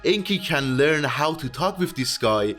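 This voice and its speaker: A young man walks through a video game in casual, rambling commentary, his pitch jumping around a lot. He is sardonic and throws in jokey asides, with faint music under him. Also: animated, a little slow, a bit bright.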